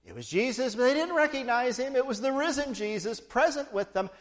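A man's voice: extremely high pitch, big pitch swings, fairly quick. A man preaching a sermon, retelling a story with playful asides to the congregation.

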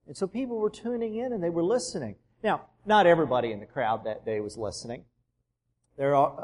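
A man pastor giving a sermon in a church, telling the story conversationally and dropping soft for emphasis. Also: fairly high pitch, long reverb tail.

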